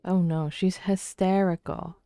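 Soft-spoken woman narrating a life sim. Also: fairly low pitch, flat delivery, a little slow, clear, resonant tone, no room sound. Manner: soft-spoken, often half-whispering. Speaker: let's play creator. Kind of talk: casual gameplay commentary.

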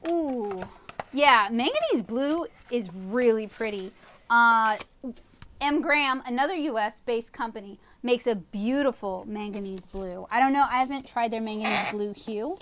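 A woman's voice: a little high, moderate pace, noisy background. A woman comic artist chatting enthusiastically through a live watercolor painting tutorial, rambling with fillers as she loses her voice. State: losing her voice.

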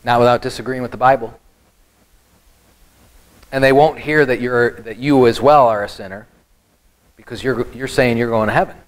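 A male pastor teaching a Bible study sermon in an animated style, joking with the congregation. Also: mid-range voice, moderate pace, long pauses, rough recording.

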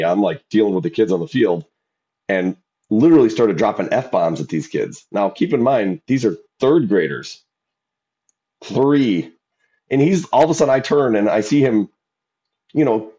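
Male podcast co-host, lowish voice, animated storyteller, muffled lo-fi audio. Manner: animated storytelling, acts out quoted shouting. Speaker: podcast co-host and youth football coach. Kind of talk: casual chat. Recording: dull lo-fi sound.

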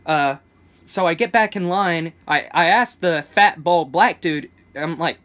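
A man's voice: fairly high pitch, measured pace, a bit bright. A young man telling a casual storytime vlog, rambling with many restarts and stammers, chuckling between phrases. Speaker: vlogger.

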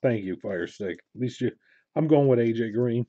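Mellow-voiced man opening cards. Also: normal speed, dry recording, dull audio. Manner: muttering to himself, mixing low asides and excited call-outs. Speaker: card break host. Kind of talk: casual live card-break commentary.

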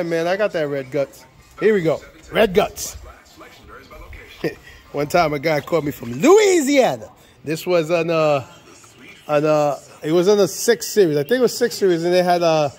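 A man with a fairly high voice runs through a casual sales walkaround outdoors on a car lot. His patter is playful and pumped up, and he keeps circling back to the same catchphrases. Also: darkish tone. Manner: hyped, playful salesman patter with lots of repetition. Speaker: used car dealer.

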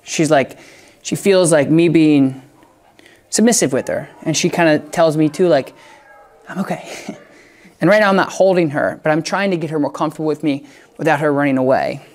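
Here the dog trainer talks fairly quickly with a mid-range voice, teaching in a casual, emphatic style full of repeated punchy phrases. In between explanations come gentle whispers aimed at the dog.

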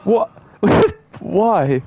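A man giving casual, joking commentary while playing a video game, often breaking into excited exclamations. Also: high voice, extremely slow, over music. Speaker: gaming video host.

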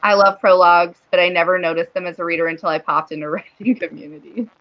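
A woman's voice: fairly low pitch, steady tone, quick pace, lo-fi sound. A woman hosting a casual livestream chat, reading viewer comments aloud and laughing often. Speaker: livestream host.

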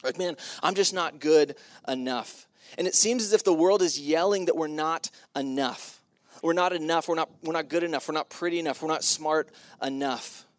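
A man's voice: a little high, fairly quick, no echo. A middle-aged man giving a casual, humorous sermon to graduating students on a school stage, acting out his own reactions. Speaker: keynote speaker.

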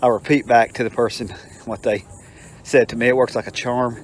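A man's voice: mid-range voice, flat delivery, brisk, slight background noise. Older man, mid-range voice, rambling, folksy storyteller walking outdoors. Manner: rambling, folksy, self-amused, lots of filler. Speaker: vlogger. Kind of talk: casual storytelling while walking. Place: outdoors in a park.

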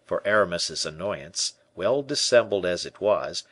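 A man narrating a classic adventure novel in an expressive audiobook reading. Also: low voice, unhurried, breathy edge, dry recording. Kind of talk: scripted narration.

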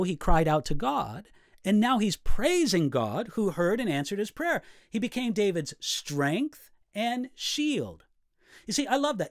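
A middle-aged male pastor teaches how he studies scripture, reading passages aloud and reflecting on them with real earnestness. His voice sits a little high for a man and moves animatedly up and down. The recording is dry, with no room sound. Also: no echo. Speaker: pastor teaching Bible study. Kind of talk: explaining study notes.

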